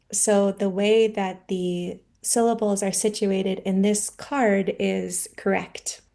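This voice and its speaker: A woman's voice: mid-range voice, gravelly, mellow. A woman explaining a meditation practice as translator over a video call, hesitant with many filler ums.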